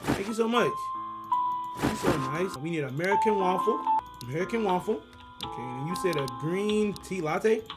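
A man giving excitable, slangy commentary on a horror game, talking straight to his viewers and reading out the game's lines. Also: high voice, moderate pace, over loud music. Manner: excitable, slangy, talks to viewers, reads game dialogue aloud. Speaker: gaming YouTuber.

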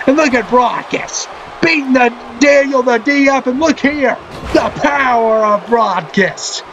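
A man who is a parent, commentating a wrestling video game with excitement, often shouting and cheering. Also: very high-pitched, unhurried, lo-fi sound. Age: adult, a parent. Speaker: gaming channel host. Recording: loud game music underneath.

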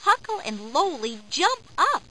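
A woman narrating a children's storybook game in a slow, clear, expressive way. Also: high-pitched, slight background noise, rough recording.

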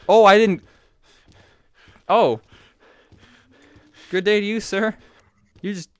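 A woman's voice: medium pitch, fairly even intonation, very slow, long pauses, no echo. A woman giving profane, reactive commentary as she plays a video game, exclaiming and shrieking at jump scares. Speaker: video game let's player.

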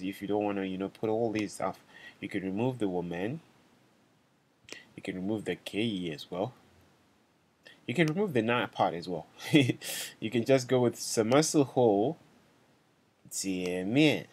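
A man giving a casual language lesson, patiently repeating phrases slowly and checking in with "right?" and "okay?". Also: low-pitched. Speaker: language teacher.

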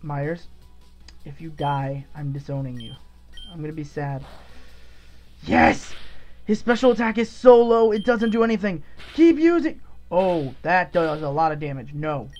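Excitable let's-play gamer. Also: medium pitch, measured pace, soft background music. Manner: excitable, swearing, shouting at big moments. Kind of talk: casual gameplay commentary.

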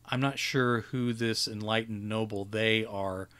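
A man's voice: lowish voice, fairly even intonation, measured pace, a bit bright, clear, resonant tone. A man voicing a weary, jaded old male wizard who growls and lectures dismissively.

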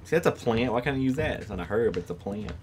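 A man's voice: medium pitch, animated, fast talker. A man playing a horror game and commenting casually, giggling often and jumpy, talking to the screen. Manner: giggly, jittery, talks to the screen. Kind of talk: casual let's-play commentary. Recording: noisy home recording.

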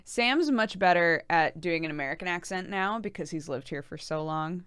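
A woman's voice: on the low side, lively intonation, normal speed, a bit bright, clean tone, no room sound. A young woman streaming a game, chatting casually with her viewers, reading their messages aloud and laughing often.

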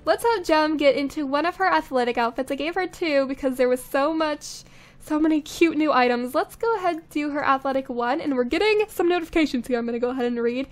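Young female host, bright high register, easygoing running game commentary with small laughs; clean close-mic sound. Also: quick pace, faint music behind. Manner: chatty, thinking aloud, frequent little laughs. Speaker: let's play host. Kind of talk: casual gameplay commentary. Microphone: studio condenser microphone.

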